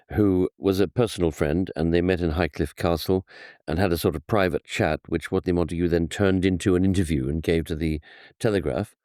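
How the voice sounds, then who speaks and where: A man speaking as a historian guest, explaining at length in animated storytelling, often restarting his sentences. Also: sits low, no room sound, studio quality. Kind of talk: conversational explanation.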